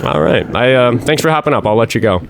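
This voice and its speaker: A man's voice: mid-range voice, lively intonation, quick pace, slight background noise. A man hosting a live call-in debate stream, talking casually and sarcastically, with lots of fillers and restarts. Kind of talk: casual political call-in chat.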